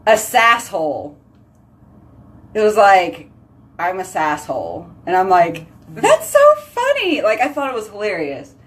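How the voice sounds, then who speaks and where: A woman's voice: fairly low pitch, very animated, unhurried, pauses often, far from the mic. A woman hosting a casual live video chat, telling giggly stories and answering viewer comments. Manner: chatty, giggly storytelling. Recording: voice slightly off-mic.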